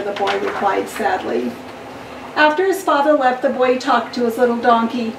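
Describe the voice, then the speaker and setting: Storytime reader, woman, gentle; echoey church, distant mic. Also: on the high side, normal speed, vocal fry, slight background noise. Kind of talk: children's story reading.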